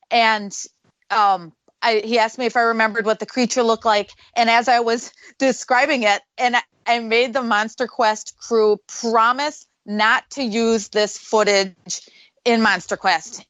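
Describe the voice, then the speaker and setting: A woman tells her story on a talk show in a slightly high voice. She acts out the people she quotes. The sound is dry and a touch muffled. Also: fairly bright tone, dry recording. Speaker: guest paranormal investigator. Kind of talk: casual storytelling on a radio show.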